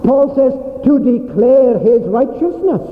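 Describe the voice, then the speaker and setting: A man preaching a sermon, slow and emphatic, with weighty pauses. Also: very high voice, animated. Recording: tinny phone-like sermon recording in an echoey hall.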